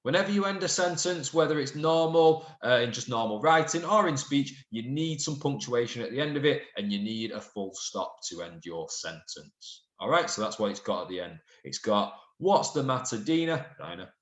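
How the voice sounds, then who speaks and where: A man's voice: mid-range voice, moderate pace, few pauses. Guy teacher walking kids through a lesson, patient, reads examples out with lots of expression, roomy echo. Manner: patient and explanatory, reads example sentences aloud with varied emphasis. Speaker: primary school teacher. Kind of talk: recorded video lesson.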